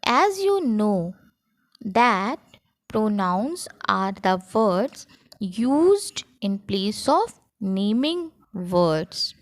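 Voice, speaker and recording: A woman teacher with an Indian English accent, talking children through a grammar lesson in a slow classroom manner. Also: mid-range voice, big pitch swings, no echo. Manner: slow, sing-song classroom delivery. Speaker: school teacher.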